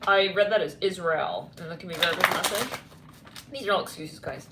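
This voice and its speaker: A woman's voice: on the low side, fairly quick, roomy sound, heavy background noise. A woman giving a casual tarot reading, rambling and blunt with lots of fillers. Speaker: tarot reader.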